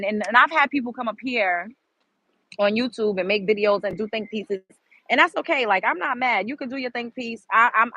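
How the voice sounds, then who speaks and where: A young adult woman hosting her own online show, talking in a blunt, animated casual monologue and swearing freely. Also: mid-range voice, dry recording, poor audio.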